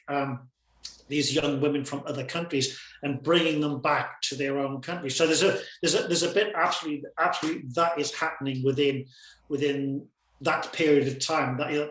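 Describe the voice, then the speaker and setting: A man's voice: a little high, a bit bright. A man from the UK with a British accent, a guest talking animatedly and often repeating words as he thinks. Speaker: guest videographer. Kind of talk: casual conversation. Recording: echoey room.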